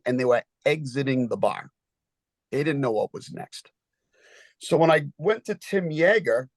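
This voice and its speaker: A man's voice: a little high, no room sound. A man testifying as a witness at a hearing, urgent and emotional, close to tears and repeating himself.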